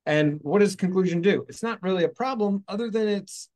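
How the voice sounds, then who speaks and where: A man's voice: high-pitched, a little fast, mellow. A man hosting a spiritual talk show, talking casually in a rambling, playful way, correcting himself as he goes. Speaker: host. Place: outdoors in hot weather.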